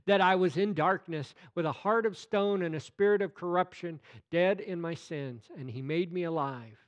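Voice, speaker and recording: A man preaching a sermon, reading scripture slowly and deliberately, with playful asides. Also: sits high, dry recording, highs cut off.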